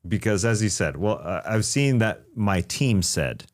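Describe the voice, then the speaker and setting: A man co-hosting a casual basketball talk show, relaxed and self-deprecating. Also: lowish voice, unhurried. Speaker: podcast co-host. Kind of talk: casual sports chat.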